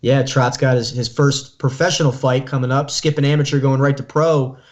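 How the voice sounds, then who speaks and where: A man's voice: medium pitch, little pitch movement, moderate pace, a little mellow. A man hosting a casual interview, upbeat and joking as he prompts his guest. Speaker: podcast host. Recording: muffled lo-fi recording.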